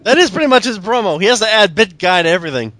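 High, wisecracking podcast guy. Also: animated, very fast, fairly bright tone, slight background noise. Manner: wisecracking, crude jokes. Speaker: podcast co-host. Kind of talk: casual chat.

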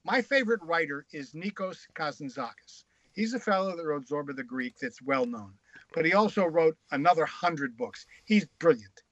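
A man with a high, bright voice spins frank, crude stories as a guest author. His delivery is casual and animated. The recording is dry and slightly muffled. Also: moderate pace, dry recording. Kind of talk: casual anecdotal storytelling.

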